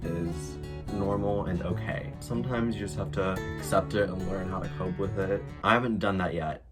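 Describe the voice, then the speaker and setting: A man's voice: low voice, fairly even intonation, moderate pace. A man chatting casually in a get-ready-with-me vlog at home, rambling with lots of fillers and the odd swear word. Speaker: vlogger. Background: loud background music.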